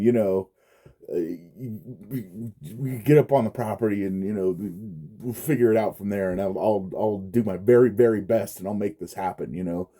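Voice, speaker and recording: Profane, dark-voiced man ranting. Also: lowish voice. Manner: profane, frustrated, laughs often. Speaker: vlogger. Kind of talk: casual storytelling rant.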